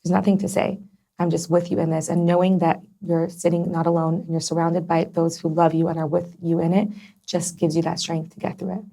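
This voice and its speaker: A woman's voice: fairly low pitch, flat delivery, a little fast, gravelly, dark tone. A young adult woman as a podcast guest, talking in an earnest, heartfelt way with many fillers. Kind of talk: personal conversation.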